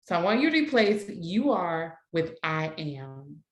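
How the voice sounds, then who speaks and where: A woman's voice: fairly low pitch, sing-song, a little slow, echoey room. A woman leading an online workshop for educators, speaking in an encouraging, affirming way with many repeated phrases, heard over a video call. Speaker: workshop facilitator.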